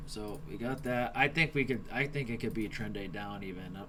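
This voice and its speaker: A man's voice: fairly low pitch, fairly quick, very noisy. A young man streaming live as he trades, talking casually, thinking aloud and swearing now and then. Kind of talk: live stream trading commentary.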